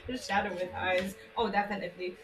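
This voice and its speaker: A woman's voice: medium pitch, fairly even intonation, fairly quick, far from the mic. A woman streaming a game, chatting casually and cooing baby talk at her dog between laughs. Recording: roomy, a bit off-mic, faint game music.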